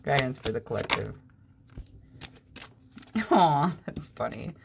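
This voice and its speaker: A woman's voice: rumbling low, expressive, slow, gravelly, background noise. A woman reading tarot cards in a casual vlog, chatting in a rambling way with a dry sense of humor. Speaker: tarot reader.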